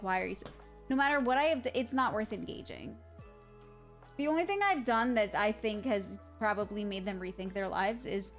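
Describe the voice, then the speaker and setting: A woman live streamer chatting casually with her viewers, blunt and swearing freely, laughing through her stories. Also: medium pitch.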